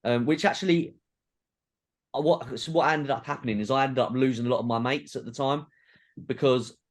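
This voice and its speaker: A Geordie man in his thirties, speaking at a middle pitch as a podcast guest. He tells long, self-deprecating stories in a loose, rambling way, poking fun at his own efforts. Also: a little fast. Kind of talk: casual storytelling chat.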